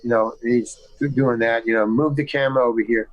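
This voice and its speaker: A man's voice: mid-range voice, steady tone, a little fast, no room sound, muffled recording. A man from the United States, a guest actor on a video call, telling a rambling anecdote with frequent restarts and stammers. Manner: acts out quoted dialogue in the story. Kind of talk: casual anecdote storytelling.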